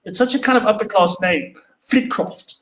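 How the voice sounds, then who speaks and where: A man from South Africa co-hosting a video-call interview, full of jokes and quick banter. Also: high voice, poor audio. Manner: jokey, lively banter.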